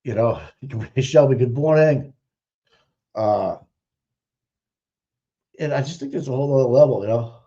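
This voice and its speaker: Male livestream host, rambling and crude, mellow voice, dull lo-fi sound. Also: medium pitch, animated, moderate pace, pauses often. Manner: blunt, rambling, swears often. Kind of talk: casual profane livestream commentary. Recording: dull lo-fi audio.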